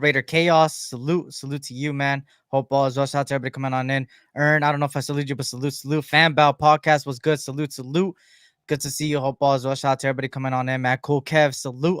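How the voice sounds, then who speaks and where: A man's voice: mid-range voice, smooth, dry recording, clean studio sound. A man hosting a fan podcast live stream, greeting viewers in an upbeat, repetitive way. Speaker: podcast host. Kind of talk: live stream chat shout-outs.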